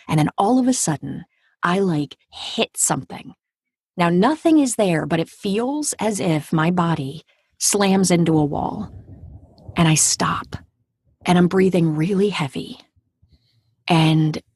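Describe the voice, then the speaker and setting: A woman in her forties tells a personal story as an interview guest, her delivery vivid and dramatic, sinking to a near-whisper at the tense parts. Her voice sits a little low and has a husky grain. The sound is close and dry, with no room around it. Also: a little mellow, dry recording. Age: 40s. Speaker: audiobook narrator and actor, guest.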